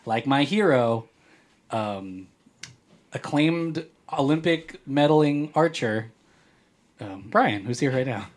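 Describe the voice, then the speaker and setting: A man's voice: mid-range voice, animated, takes it slowly, long pauses. Joking male podcast host. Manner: jokey, playful, reads listener comments aloud. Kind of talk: casual podcast chat.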